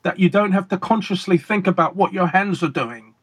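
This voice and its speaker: A man's voice: high-pitched, brisk, a bit bright. A man putting on an old male master magician who speaks terse, broken English and fires short questions. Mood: instructive.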